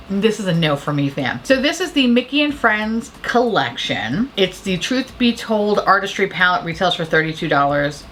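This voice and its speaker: Casual woman vlogger, lively swoops in pitch, profane and rambling, quick to laugh. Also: slight background noise. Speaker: makeup vlogger. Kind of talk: casual makeup chat.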